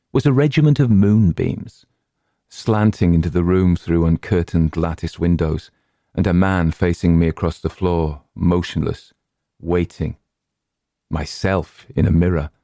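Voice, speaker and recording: A man narrating a short horror story in a measured, deliberate way. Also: low voice, creaky, mellow, no room sound, studio quality. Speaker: story reader.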